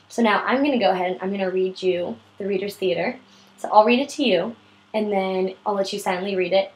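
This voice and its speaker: A woman's voice: mid-range voice, darkish tone, rough recording. A woman with a sore throat patiently tutoring a child in reading, explaining step by step. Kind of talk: one-on-one reading lesson.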